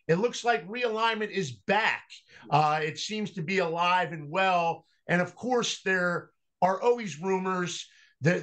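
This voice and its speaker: A man speaking as a guest on a sports podcast, measured and full of ums as he explains things. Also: high-pitched, a bit bright. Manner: slow, measured delivery with frequent ums. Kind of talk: casual podcast interview.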